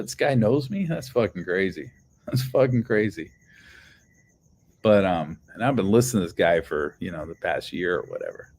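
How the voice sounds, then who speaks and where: Man, lowish voice, casual storytelling, rambling, swears a lot, heavy fillers. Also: a little mellow. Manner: rambling, profane, lots of fillers. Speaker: channel host.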